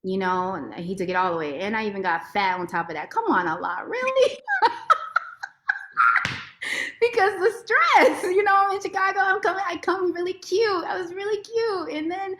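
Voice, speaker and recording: A woman lawyer giving a heartfelt, expressive personal testimony as a podcast guest. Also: very high-pitched, a little fast, few pauses, slight background noise. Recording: roomy echo.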